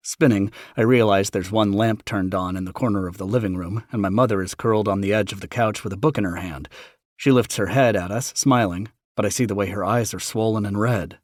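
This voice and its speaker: A man narrating a romance audiobook in the first person, tender and unhurried. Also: lowish voice, no room sound, clean studio sound.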